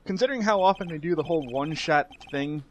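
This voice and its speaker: A man's voice: a little high, slight background noise. A man chatting about a game with friends, talking loosely and cursing lightly now and then. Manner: chatty, mild swearing, quick restarts. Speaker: let's play commentator. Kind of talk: casual group commentary.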